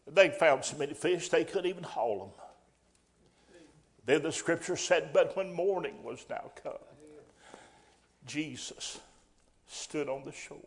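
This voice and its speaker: A man preaching a sermon in a folksy way, rising to loud emphatic bursts. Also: a little high.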